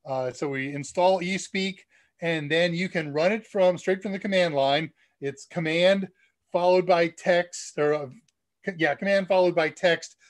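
A man's voice: sits high, unhurried. A man with a nasal voice from the US Midwest, hosting a casual live Q&A stream and chatting keenly about tech.

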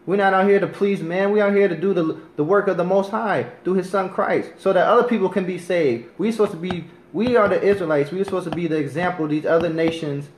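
A man teaching from the Bible in an earnest way, reading verses slowly and deliberately and often asking "you understand?". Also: high-pitched, roomy sound, low-quality recording. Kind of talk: scripture teaching.

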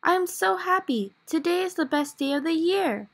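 A woman voicing a cheerful, excited little female pig in a children's picture book reading, in a bouncy, exclaiming sing-song manner. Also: extremely high pitch, normal speed, creaky, exaggerated voice. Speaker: library storyteller.

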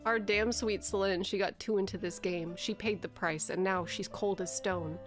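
A woman putting on a hardboiled noir detective narrator, delivered deadpan in her own plain voice. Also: mid-range voice, normal speed, over music, lightly acted. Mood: wry.

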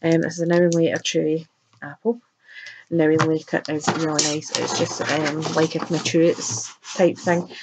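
A woman's voice: low voice, level tone, moderate pace, heavy background noise. Chatty woman unboxing sweets. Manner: chatty, chirpy, breaks into laughs. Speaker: unboxing vlogger. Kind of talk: casual unboxing chat.

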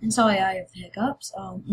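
A woman's voice: medium pitch, steady tone, normal speed, a little mellow, breathy edge, poor audio. A woman YouTuber chatting casually and rambling through a game giveaway video. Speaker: Minecraft YouTuber.

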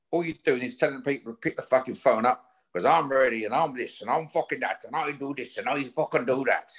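A man's voice: medium pitch, breathy edge. A man, talking bluntly and confrontationally as a guest in a casual chat, swearing often as he issues a challenge. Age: 50s.

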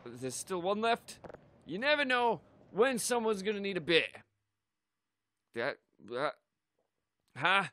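A man playing a shooter and joking around, goofy and sweary, with sudden shouts. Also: sits high, big pitch swings, slow pace, long pauses, no echo. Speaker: let's play gamer. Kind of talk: gaming commentary.

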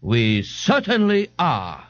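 A pompous, gassy young man who lectures everyone in high-flown, indignant sentences. His voice sits a little raised and swings with plenty of melody, on a dry, dull-sounding tape recording. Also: wildly swooping pitch, slow, a bit bright, no room sound, heavily acted. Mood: haughty. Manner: grandiose, indignant, overly formal speech.

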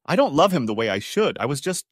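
Brief: man voicing a distraught middle-aged bride, plain read, lively pitch. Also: fast, husky, no room sound, studio quality. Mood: upset.

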